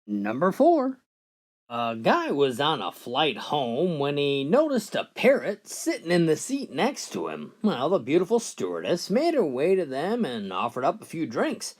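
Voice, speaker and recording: A man telling a countdown of jokes with animated storytelling. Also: fairly high pitch, measured pace. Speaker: joke teller.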